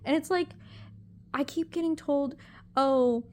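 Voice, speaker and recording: A young woman talking to camera in a confessional vlog, emotional and halting as she rambles through a hard week. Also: fairly high pitch, dark tone. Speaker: vlogger.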